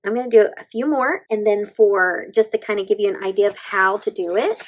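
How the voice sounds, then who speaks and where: A woman's voice: medium pitch, fairly quick, poor audio. A woman, chatting casually through a nail stamping tutorial and gushing to her viewers as she works. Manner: bubbly, gushing, talks to viewers as "you guys". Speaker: beauty vlogger.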